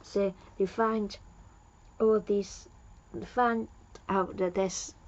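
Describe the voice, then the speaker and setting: A woman's voice: medium pitch, bright, forceful tone, dull audio. Rambling woman recapping an episode. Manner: rambling, loses her place, many fillers. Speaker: TV episode reviewer.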